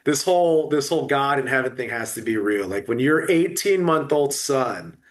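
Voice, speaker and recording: A middle-aged man with an animated, medium-pitched voice is a guest in an emotional podcast conversation about loss. His speech is halting, packed with restarts and fillers.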